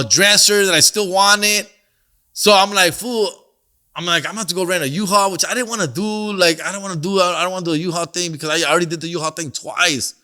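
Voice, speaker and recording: A middle-aged man tells a story on his podcast, cursing freely and dropping slang and Spanish phrases. His voice sits a little high for a man and sounds bright and forceful. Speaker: podcast host and comedian. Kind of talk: casual storytelling monologue.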